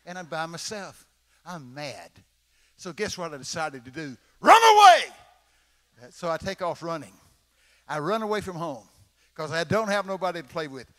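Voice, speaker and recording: A Texan man in his eighties gives a dramatic, folksy storytelling sermon, voicing the characters himself, with a fairly high pitch and fairly bright tone. The recording carries the long reverb of a large church conference hall.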